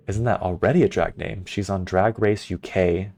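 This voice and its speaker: A man's voice: low voice, steady tone, moderate pace, few pauses, darkish tone. A man streaming a puzzle game, chatting casually with his viewers and thinking aloud as he plays. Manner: chatty and playful, answers chat, thinks aloud. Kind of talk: casual live-stream commentary.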